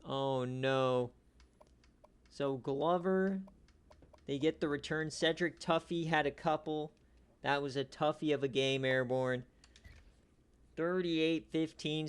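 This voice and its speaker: A man hosting a league stream, giving casual, jokey play-by-play recaps that swing from low mutters to excited shouts.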